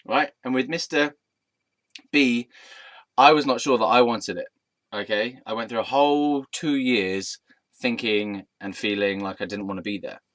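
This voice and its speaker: A man's voice: medium pitch, normal speed, fairly bright tone, no room sound. Male vlogger, rambling and self-amused, mid voice, dry close sound. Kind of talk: casual storytime monologue.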